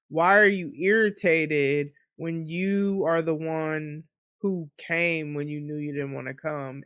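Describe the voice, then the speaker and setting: A woman hosting her own podcast, telling stories in an animated, chatty way and acting out her own inner voice. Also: fairly low pitch, no echo, studio quality. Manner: chatty, animated storytelling with quoted self-talk. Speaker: podcast host. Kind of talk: casual solo podcast monologue. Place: apartment.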